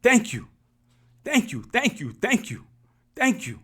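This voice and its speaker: A man's voice: high voice, wildly swooping pitch, takes it slowly, long pauses, fairly bright tone, a little hiss or hum. A man, speaking in an impassioned, preachy vlog style and repeating his phrases for emphasis. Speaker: YouTube commentator. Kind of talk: impassioned motivational vlog talk.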